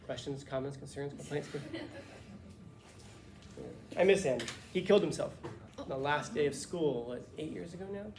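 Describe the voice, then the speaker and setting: A male teacher talks to his class in a loose, lively storytelling way, joking as he goes. His voice sits slightly high, and the classroom gives a roomy echo with faint background noise. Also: moderate pace, pauses often. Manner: casual, lively, swears and jokes.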